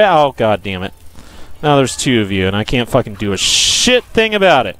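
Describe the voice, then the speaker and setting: A young man giving profane, frustrated gameplay commentary, yelling at enemies and joking with viewers. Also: mid-range voice, big pitch swings, moderate pace. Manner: jokey self-promotion to viewers. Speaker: let's play gamer.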